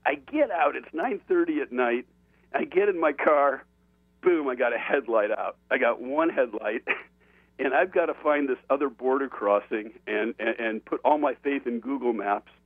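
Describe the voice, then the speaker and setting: A man, an author on an interview show, tells an animated story, laughing often and restarting his sentences. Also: medium pitch, moderate pace, no echo. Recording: tinny phone-line sound.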